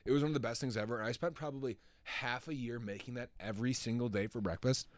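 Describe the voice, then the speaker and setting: A man's voice: medium pitch, fast talker. Joking young man, casual podcast talk. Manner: animated, laughs often, jokey. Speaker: podcast co-host. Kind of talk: casual chat.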